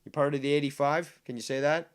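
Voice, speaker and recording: A man hosting a livestream and delivering an indignant, profane rant. He swears heavily, repeats lines for emphasis, and slows right down to hammer home key points. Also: on the high side, steady tone, clean tone. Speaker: livestream host reading viewer comments. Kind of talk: profane ranting monologue.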